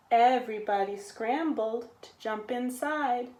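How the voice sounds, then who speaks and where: A woman reads a picture book aloud to children, animated and inviting them to join in. Her voice is high and swoops widely, and she takes it very slowly. The room gives the voice a noticeable echo. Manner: animated, with sound effects and call-and-response. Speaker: storytime reader.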